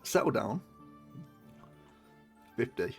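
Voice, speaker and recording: A man's voice: mid-range voice, sing-song, takes it slowly, gravelly, darkish tone, soft background music. A British man streaming a game, chatting casually, swearing and bantering with his chat. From Britain.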